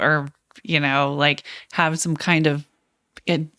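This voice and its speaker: A woman with a low voice co-hosts a tech podcast, speaking slowly and hedging with lots of fillers. Her voice sounds dry and close, with little room sound. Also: flat delivery, sharp tone, clear, resonant tone, no room sound. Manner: hedging, slow, full of fillers. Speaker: podcast co-host. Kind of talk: casual tech chat.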